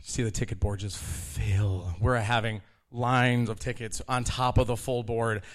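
Man in his thirties, animated live storyteller, laughs often, acts out quotes, mid-pitched voice. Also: measured pace. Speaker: storyteller, kitchen manager.

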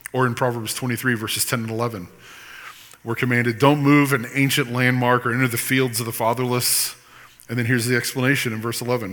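A man's voice: mid-range voice, fairly bright tone. A man preaching a sermon, reading scripture aloud and adding teaching asides with passion. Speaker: pastor. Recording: long reverb of a large hall.

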